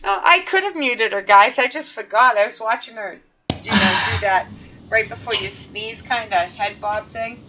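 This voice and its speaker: A woman radio host chatting casually, animated and quick with reactions, over a remote call. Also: on the high side, echoey room. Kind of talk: casual chat. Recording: distant, dull call audio with noise.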